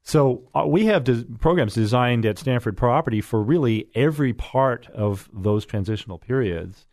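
A man's voice: mid-range voice, lively intonation, moderate pace, a little mellow, dry recording. Middle-aged male radio host, folksy and chatty, mid voice, dry studio sound. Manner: folksy and chatty, with many fillers. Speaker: radio real estate show host. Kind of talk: casual radio talk show chat.

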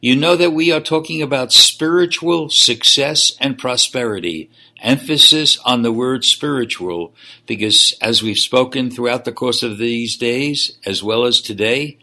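A man co-hosts a faith broadcast, reading scripture and teaching in an earnest, emphatic cadence. His voice is bright and forward, at a middle pitch. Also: a little slow. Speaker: co-host of a religious TV program.

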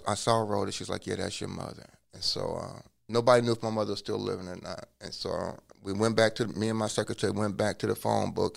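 A man telling his life story in a relaxed interview, acting out what people said to him. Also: fairly low pitch, vocal fry. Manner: acts out quoted dialogue in a lively way; casual, drops curse words. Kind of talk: conversational storytelling.

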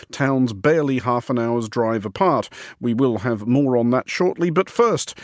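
A man presenting a radio show in a studio, measured and articulate with a wry touch. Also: medium pitch, no room sound.

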